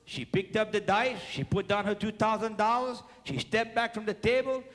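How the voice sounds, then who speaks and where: A man with a Cajun accent spins stage tales in an unusually high, bright voice, mixing in French words and clattering sound effects. He takes his time, and his voice rides long hall reverb over a faint crowd. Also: normal speed. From South Louisiana. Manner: animated, drops into French phrases, acts out sound effects. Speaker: comedic storyteller. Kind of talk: live stand-up storytelling. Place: live venue with an audience.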